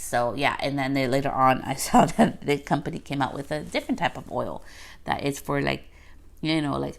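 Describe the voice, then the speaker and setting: Gravelly low-voiced woman podcast host. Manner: chatty, filler-heavy, acts out quotes. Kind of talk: casual solo podcast talk.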